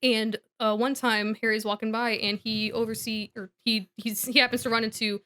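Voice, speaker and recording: A woman's voice: fairly high pitch, little pitch movement, normal speed, pushed and bright. A woman co-hosting a podcast, giving a casual comedic recap in a giggly, rambling way. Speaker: podcast co-host.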